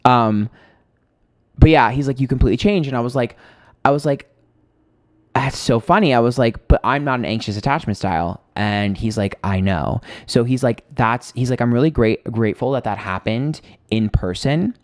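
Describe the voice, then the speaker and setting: A man's voice: medium pitch, moderate pace, no echo, studio quality. A man hosting a casual livestream, telling a long personal story in a chatty way, swearing freely and greeting viewers. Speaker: livestream host.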